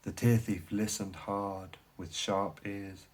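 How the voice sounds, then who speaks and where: A man reading a children's story aloud, animated and theatrical, dropping to a hush and then rising to excited bursts. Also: lowish voice, slow pace. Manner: animated, swings from hushed to loud and excited.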